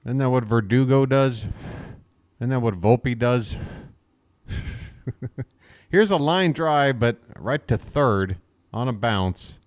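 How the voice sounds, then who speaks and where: A man's voice: medium pitch, slow pace, long pauses. Chatty man calling a ballgame live. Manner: chatty, wisecracking, talks to viewers in chat. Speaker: fan play-by-play commentator. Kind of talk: live streamed play-by-play with chat banter.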